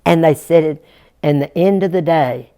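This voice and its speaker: A woman's voice: sits low, moderate pace, warm tone. A woman telling a Jack tale as a folk storyteller, folksy and chuckling, speaking straight to her young listeners.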